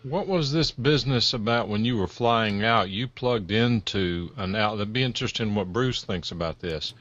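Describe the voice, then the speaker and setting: Casting: lowish male voice, easy questioner, muffled lo-fi podcast. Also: moderate pace, a bit bright. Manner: prompting questions to co-hosts. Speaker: podcast co-host. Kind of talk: casual chat. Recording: dull lo-fi podcast audio.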